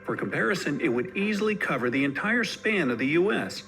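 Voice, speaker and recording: A man's voice: on the high side, sing-song, fairly quick, bright, forceful tone. A man giving scripted list narration with light jokey asides. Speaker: narrator of reacted video. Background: background music.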